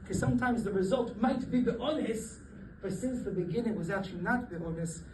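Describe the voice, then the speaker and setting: A rabbi giving a Torah class, lively and often laughing as he acts out the people in his stories. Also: high-pitched, brisk. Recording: echoey room, voice from a distance, faint background noise.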